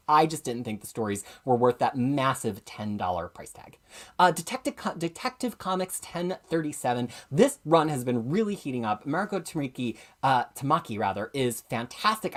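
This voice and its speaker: A woman with a very low voice hosts a live comics review show. Her pitch moves a lot as she chats, and she talks with eager enthusiasm, stopping to correct herself mid-sentence. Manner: chatty, enthusiastic, self-correcting. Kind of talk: live-streamed casual review.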